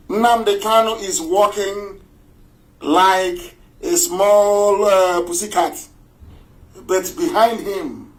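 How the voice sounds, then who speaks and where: A man's voice: fairly high pitch, poor audio. A man giving an impassioned live radio broadcast, scornful and mocking and repeating himself for emphasis. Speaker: political broadcaster.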